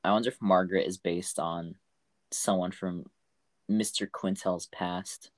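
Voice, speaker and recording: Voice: sits low, fairly even intonation, a little slow, dry recording, studio quality. A podcast co-host chatting casually, playful and joking, with frequent giggles. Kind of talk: casual chat.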